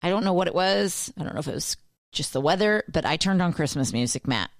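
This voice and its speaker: A woman's voice: fairly low pitch, lively intonation, fast talker, no room sound, studio quality. Playful laughing woman podcast co-host. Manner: playful, laughs often, puts on silly voices. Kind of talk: casual chat.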